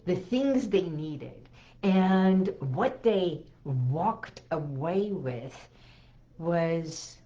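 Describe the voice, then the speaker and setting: Slow, soothing woman with muffled sound. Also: low voice. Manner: slow, soothing, with gentle emphasis and repetition. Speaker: hypnotherapist and healing coach. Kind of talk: inspirational talk to camera.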